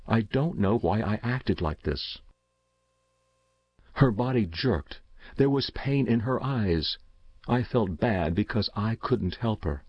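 Male narrator, lowish voice, measured and somber story reading; dull, dry lo-fi recording. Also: lively intonation, no echo.

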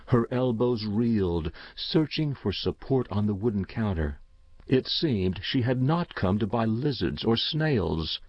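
Male narrator, lowish voice, measured and somber story reading; dull, dry lo-fi recording. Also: dry recording.

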